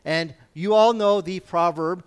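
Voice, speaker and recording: High-voiced man teaching scripture. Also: a little slow, smooth. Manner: informal, checks in often with "okay?". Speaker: preacher. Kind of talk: conversational Bible teaching.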